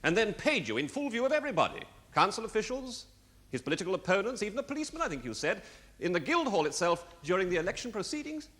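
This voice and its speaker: An actor playing a defence barrister in a courtroom drama, cross-examining with incisive, sardonic questions. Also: male voice, high voice, sing-song, fast talker, a bit bright, breathy edge, big-room sound, exaggerated voice.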